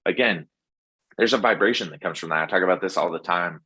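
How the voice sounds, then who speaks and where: Casting: low-voiced man, podcast guest, bright, husky tone, rambling and eager. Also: fast talker. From Texas. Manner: rambling, enthusiastic, lots of fillers. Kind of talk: casual interview chat.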